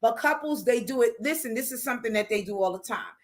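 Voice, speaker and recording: A woman's voice: fairly high pitch, fast talker. A woman hosting a relationship advice talk, chatty and informal, with features. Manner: chatty, warm asides to her pet mid-talk. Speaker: host.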